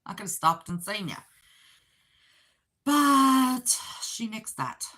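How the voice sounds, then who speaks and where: A woman's voice: fairly high pitch, lively intonation, slow pace, pushed and bright. Chatty Southern West Virginia woman. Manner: rambling, chatty, reads viewer comments aloud. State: tired. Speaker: livestream host. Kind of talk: casual livestream chat.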